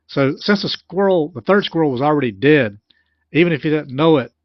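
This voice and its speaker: A man's voice: fairly high pitch, expressive, brisk, no room sound. Man retelling a story, dull dry sound. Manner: retells a story in plain spoken terms, with restarts. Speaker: commentator on a recorded sermon. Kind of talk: explanatory commentary.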